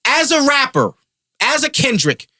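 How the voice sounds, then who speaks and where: A man's voice: extremely high pitch, very animated, unhurried, crowd noise. A man hosting a podcast, a comedian ranting in heated, profane casual chat.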